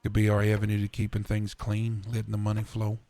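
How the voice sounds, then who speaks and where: A man roleplaying a preacher, talking in a calm, measured, persuasive way. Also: fairly low pitch, a little hiss or hum. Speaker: roleplayer voicing a preacher character. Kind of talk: in-character roleplay chat.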